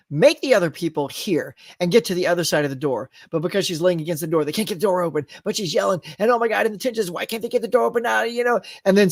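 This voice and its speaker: Animated man hosting a live stream. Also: sits high, no room sound. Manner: animated, breaks into loud acted outbursts. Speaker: host. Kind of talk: live-stream chat reading viewer comments.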